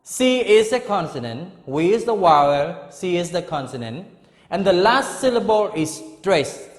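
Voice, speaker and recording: A middle-aged man teaching an English grammar lesson, explaining slowly and repeating himself with frequent checks of "okay?". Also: high-pitched, sing-song. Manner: slow, repetitive, drawn-out explanations with frequent "okay?". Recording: echoey room with long reverb.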